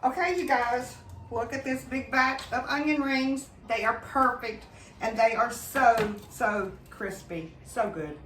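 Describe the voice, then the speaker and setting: A woman's voice: on the high side, a little slow, fairly bright tone, distant mic, slight background noise. Chatty woman cooking in a roomy kitchen. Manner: chatty, enthusiastic, talks to viewers as friends. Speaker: home cooking vlogger. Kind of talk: casual cooking demonstration. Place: home kitchen.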